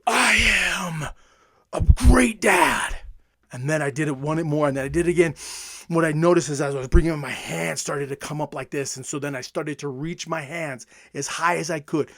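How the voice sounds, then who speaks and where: Emphatic motivational coach, fairly high voice. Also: male voice, brisk, vocal fry, dry recording, studio quality. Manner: energetic, emphatic, repeats phrases for effect. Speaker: self-help coach. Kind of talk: motivational talk.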